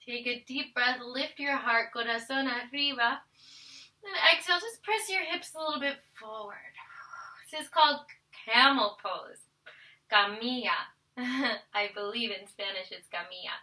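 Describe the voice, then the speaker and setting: Woman, yoga instructor, unhurried, high pitched, playful, encouraging, slightly distant mic. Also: sharp tone. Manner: playful, encouraging, counts poses aloud. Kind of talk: guided family yoga class.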